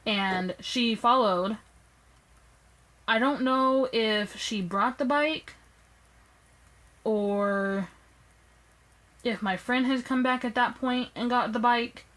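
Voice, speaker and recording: A young woman casually telling a personal story to her phone camera, animated and acting out what people said. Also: slow pace, pauses often, low-quality recording. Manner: animated, acts out quoted lines with raised pitch. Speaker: vlogger.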